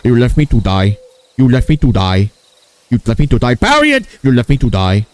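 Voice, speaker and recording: A man's voice: big pitch swings, a little fast, clean tone, close to an everyday voice. A man doing an Indian-accented impression of a prudish, scolding man who rants and repeats insults. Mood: panicked. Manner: shrill, ranting, repeats insults.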